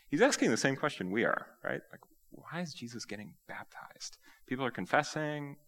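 A man preaching a sermon, acting out quoted lines with animated energy. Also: medium pitch, moderate pace. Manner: animated, acts out quoted speech. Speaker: pastor.

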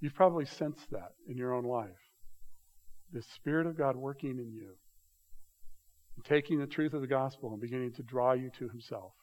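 A man's voice: medium pitch, normal speed, pauses often, a little mellow. A man preaching a sermon in a conversational way, reading scripture aloud and building emphasis on key lines. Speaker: pastor.

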